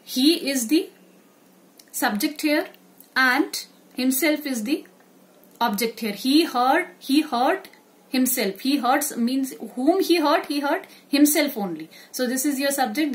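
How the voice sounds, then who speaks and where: A woman teaching a grammar lesson, explaining step by step and repeating examples. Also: on the high side.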